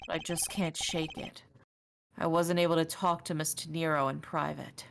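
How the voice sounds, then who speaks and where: A woman reading the lines of a composed adult male prosecutor from a game, in a measured, reflective manner. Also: sits low, level tone, vocal fry, slight background noise. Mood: thoughtful. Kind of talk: reading game dialogue aloud.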